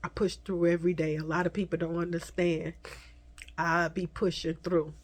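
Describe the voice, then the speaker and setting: Tearful woman speaking softly, halting. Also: on the low side, flat delivery. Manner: soft, halting, slips into whispers, addresses viewers as y'all. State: tearful, crying at times. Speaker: vlogger. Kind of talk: emotional storytime to viewers.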